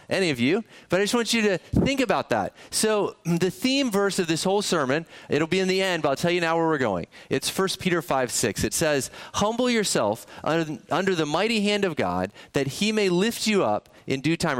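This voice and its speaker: A man's voice: fairly high pitch, big pitch swings, fairly quick, a bit bright. A male pastor preaching a sermon in a conversational way, often putting questions to the congregation. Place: church sanctuary.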